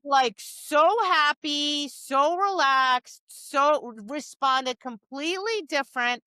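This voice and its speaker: A woman dog trainer co-hosting a podcast, chatting casually. Her voice is bright and a touch high. She tells animated stories full of acted-out quotes, and the close mic sounds dry. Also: slow pace, no room sound. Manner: animated storytelling with acted-out quotes, many restarts. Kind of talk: casual chat.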